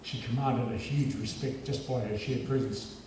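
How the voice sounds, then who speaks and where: A man with a New Zealand accent giving a lively, humorous storytelling speech as a guest speaker at a school assembly. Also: mid-range voice, normal speed, noisy background. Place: large school hall. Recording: echoey hall from far off.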